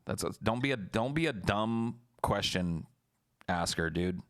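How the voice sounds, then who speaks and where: A young man streamer chats loosely with his audience and tells stories in a blunt, profane way. His manner is laid-back. His voice sits on the low side. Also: lively intonation, unhurried. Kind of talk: casual storytelling to a live chat.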